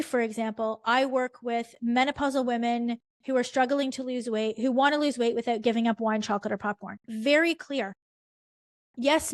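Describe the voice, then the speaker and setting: A woman with a high voice teaches a live online coaching workshop. She is emphatic, repeats key phrases and keeps asking her listeners questions. The recording is dry and close, with no room sound. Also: no room sound.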